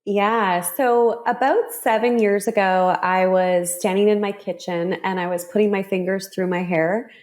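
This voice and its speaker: A woman guest on an interview show, telling a personal story in a vivid, expressive way. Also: mid-range voice.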